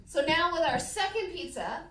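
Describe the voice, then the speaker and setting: A woman teaching young pupils with a bright, very high voice, asking question after question and praising their answers. She is picked up from a distance in an echoey classroom, with faint background noise. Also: animated, moderate pace. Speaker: elementary school teacher. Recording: echoey classroom, mic far off.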